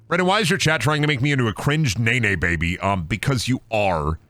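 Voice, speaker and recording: A man's voice: lowish voice, expressive, fairly quick, hardly any pauses, sharp tone. A man streaming a game, chatting casually with jokes, swearing and silly sing-song voices. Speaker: gaming streamer. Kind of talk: casual live-stream chat over gameplay.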